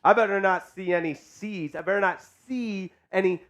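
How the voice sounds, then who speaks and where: A man hosting a casual live sports chat stream, hyped and joking as he shouts out viewers. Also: high voice, moderate pace, lo-fi sound. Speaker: sports show host.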